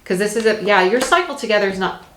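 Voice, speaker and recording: A woman's voice: medium pitch, lively intonation, fast, fairly bright tone, echoey room, slight background noise. A woman giving a casual tarot reading, chatty and emphatic, repeating her phrases and laughing often. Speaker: tarot reader.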